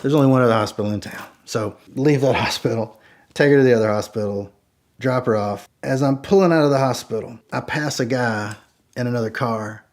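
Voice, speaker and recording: Speaking a little fast at a medium pitch, a man shares a casual true anecdote. He animatedly performs each bit of dialogue, with "like" turning up constantly as a filler.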